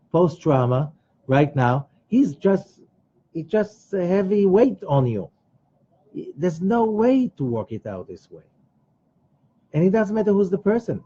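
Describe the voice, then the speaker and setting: Husky man teaching emphatically. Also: on the high side, warm tone. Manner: emphatic, repeats phrases, acts out quoted voices. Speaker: Kabbalah teacher. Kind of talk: teaching a weekly study class. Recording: dull lo-fi recording.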